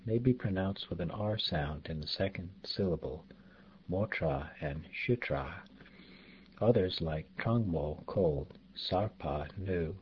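A man with a very deep voice teaches pronunciation at an unhurried pace, spelling out each sound and repeating example words with care. The recording is dull and lo-fi, with faint noise behind him. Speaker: language teacher. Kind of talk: slow pronunciation lesson.

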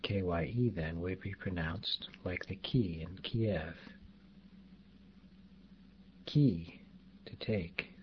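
A man with a very deep voice teaches pronunciation at an unhurried pace, spelling out each sound and repeating example words with care. The recording is dull and lo-fi, with faint noise behind him. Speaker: language teacher. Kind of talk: slow pronunciation lesson.

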